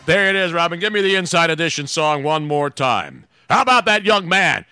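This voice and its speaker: A man's voice: a little high, big pitch swings, a little fast, pushed and bright, clear, resonant tone, no echo, clean studio sound. A male radio host in wisecracking, emphatic morning banter, often talking over his co-host.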